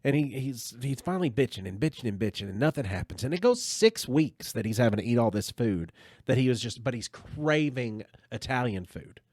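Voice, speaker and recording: A man hosting a podcast, retelling a story in casual chat with an animated, rambling manner. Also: mid-range voice, fairly quick, no room sound. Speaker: podcast host.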